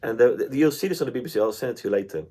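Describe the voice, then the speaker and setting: A man's voice: medium pitch, lively intonation, very fast, dark tone. A man co-hosting a podcast in casual chat, telling stories and swearing freely. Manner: chatty storyteller, swears freely. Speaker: podcast co-host.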